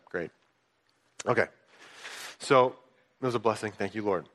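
Male pastor, casual storytelling sermon, bright forceful voice, big reverberant church room. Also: fairly low pitch, measured pace. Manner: conversational storytelling, swings between hushed asides and excited outbursts. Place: church sanctuary. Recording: long reverb of a large hall.

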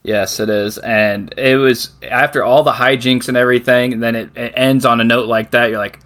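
A man's voice: mid-range voice, steady tone, normal speed, fairly bright tone. A man co-hosting a casual podcast, agreeing easily and recounting favorite moments with a chuckle. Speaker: podcast co-host. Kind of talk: casual chat reviewing a sitcom episode.

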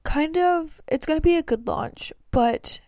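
A young woman talks through a solo podcast in an earnest, rambling way, circling back and restarting her thoughts. Her fairly high voice drops into a gravelly fry, and the recording is close and dry with no room sound. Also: unhurried, a little mellow, no room sound. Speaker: podcast host. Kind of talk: casual faith-based podcast monologue.

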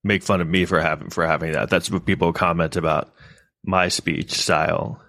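A man hosting a podcast in casual chat, talking in a halting, hesitant, self-deprecating way on a close mic. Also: sits low, steady tone, fairly bright tone, no echo. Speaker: podcast host.

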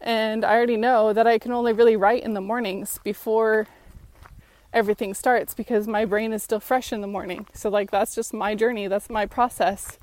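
A woman's voice: on the high side, level tone, normal speed, a little mellow, no room sound. Woman rambling at the camera, kinda out of breath, super dry close sound. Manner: rambling, self-correcting, frank. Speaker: vlogger. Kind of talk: casual chat.

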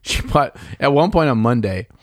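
A man's voice: medium pitch, lively intonation, normal speed, dry recording, studio quality. A man chatting casually on a podcast, telling rambling stories with plenty of swearing and filler words. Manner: rambling, profane, laid-back storyteller. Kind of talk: casual chat.

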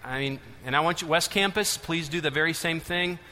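A man preaching a sermon to a large church congregation, swinging between loud urging and hushed intensity. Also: on the high side, fairly quick. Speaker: pastor. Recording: long hall reverb.

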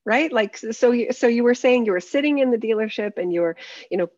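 A woman's voice: on the high side, lively intonation, fast, darkish tone, no room sound. A woman interviewing a guest, asking probing questions and rephrasing them supportively. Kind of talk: conversational interview. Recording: dull distant remote audio.

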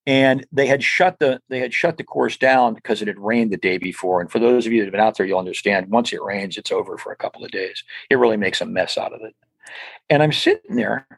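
Gravelly older man telling road stories. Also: lowish voice, expressive, brisk, dry recording. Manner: rambling, with frequent restarts and asides. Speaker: podcast guest. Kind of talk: casual storytelling interview.

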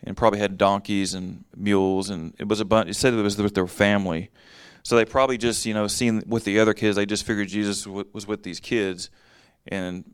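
Low, smooth-voiced man teaching scripture. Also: fairly even intonation, a little fast, few pauses, dry recording, studio quality. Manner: conversational, reads verses then explains them in plain talk. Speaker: Bible study teacher. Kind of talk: casual Bible teaching.

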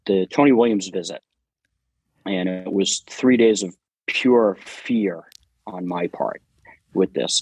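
Husky low-voiced man telling stories. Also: dry recording, low-quality recording. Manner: animated anecdotes, swears freely. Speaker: guest. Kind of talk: casual storytelling.

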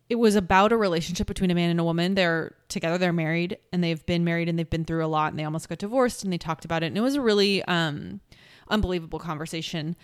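A woman hosting her own podcast, talking through a personal reflection in an earnest, searching way, restarting thoughts and slowing to lean on key words. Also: on the low side, clean tone, no echo, studio quality. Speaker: podcast host. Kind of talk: reflective solo podcast talk.

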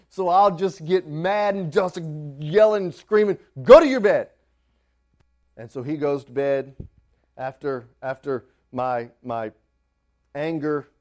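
A man in his thirties delivers a sermon to his church, his voice sitting a little high for a man. He tells a family story in a halting, repetitive way, stumbling over his words. Then he rises into loud, fervent preaching. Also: smooth. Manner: storytelling with many restarts, building to loud preaching. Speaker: pastor.

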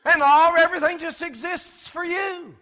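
Male preacher, high and bright, folksy storyteller who acts out baby cries, church echo. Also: fairly even intonation, normal speed. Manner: folksy storytelling, imitating crying babies and pulling in the congregation. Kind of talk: sermon. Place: church sanctuary.

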